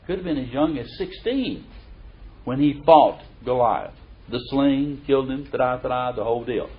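A middle-aged man giving a conversational sermon in a folksy, animated way, who reads verses aloud with emphasis. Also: medium pitch, normal speed. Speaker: preacher or Bible teacher. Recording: dull lo-fi recording.

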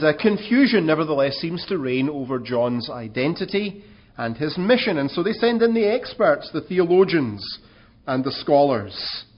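A man's voice: fairly high pitch, dull audio. A man preaching a sermon in an earnest way, asking rhetorical questions and rising in emphasis.

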